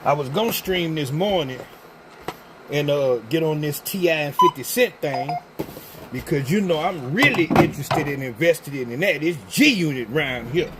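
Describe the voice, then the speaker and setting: A middle-aged man runs a loose, rambling livestream on his phone while walking around on the job. His voice sits a touch high for a man. Heavy vehicle noise rumbles behind him throughout. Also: animated, moderate pace. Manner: rambling, repeats "you understand what I'm saying". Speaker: livestream host. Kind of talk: casual livestream chat.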